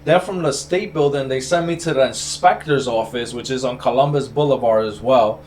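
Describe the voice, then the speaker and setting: New barber telling a long story. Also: male voice, mid-range voice, normal speed, darkish tone, slight background noise. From the Bronx, New York. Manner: rambling, frustrated, fillers and restarts. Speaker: barber, stream host. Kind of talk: casual storytelling chat.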